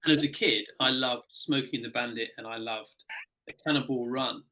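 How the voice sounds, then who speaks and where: A man's voice: medium pitch, fairly even intonation, fairly quick, bright, forceful tone, poor audio. A man on a podcast panel speaking earnestly and nostalgically about films.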